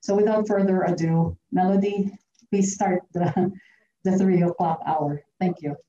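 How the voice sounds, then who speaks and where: Woman emcee at a memorial, gracious, low dark voice, faint background noise. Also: fairly even intonation, unhurried. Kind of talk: introducing speakers. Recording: roomy, distant, dull lo-fi sound.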